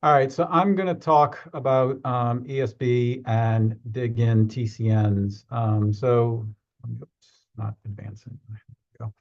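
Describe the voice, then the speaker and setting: A man's voice: mid-range voice, slow pace, highs cut off. A man presenting in a webinar, hesitant, repeating and restarting words as he explains. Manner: hesitant, with frequent restarts and fillers.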